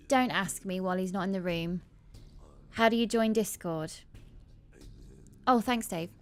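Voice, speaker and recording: A woman co-hosting a casual livestream, chatty and quick to laugh as she reads out viewer comments. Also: mid-range voice, soft background music. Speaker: livestream co-host.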